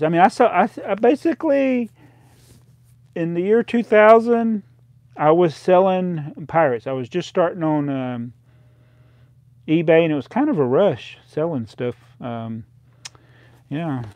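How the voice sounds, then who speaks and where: A man's voice: fairly high pitch, darkish tone, no echo. Man rambling over old sale prices. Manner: rambling, reading out prices, laughing at himself. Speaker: live stream host. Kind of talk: casual live stream chat. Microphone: close desk microphone.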